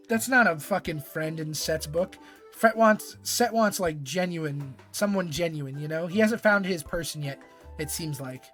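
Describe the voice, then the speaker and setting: High-voiced man cursing through stream commentary. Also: fairly bright tone. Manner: profane, joking, laughs often. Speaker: streamer host. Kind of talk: casual live-stream commentary.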